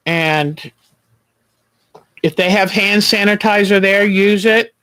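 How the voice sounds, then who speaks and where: A man hosting a quilting livestream, chatting gently and reassuringly while he sews at home. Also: high-pitched, slow pace, dry recording, poor audio. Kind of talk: casual chat while sewing.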